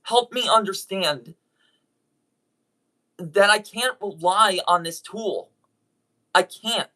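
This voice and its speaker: In an apology video aimed straight at his audience, a YouTube voice actor sounds earnest and hesitant, frequently starting over as he apologizes. The pitch is medium, the tone bright and forceful.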